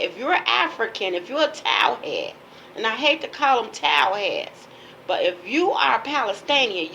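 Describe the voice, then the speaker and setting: A woman's voice: a little high, very animated, a little slow, bright, forceful tone, a little hiss or hum, poor audio. A woman from Chicago delivering a ranting monologue, emphatic and lecturing, repeating her phrases to press each point. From Chicago, USA. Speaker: page owner.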